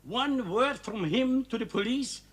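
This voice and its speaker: A man's voice: very high-pitched, animated, a little slow, breathy edge, heavily acted. An actor playing a worried Swiss village cafe owner and father with a Swiss accent, earnest and pleading in a 1970s TV crime drama. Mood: anxious. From Switzerland.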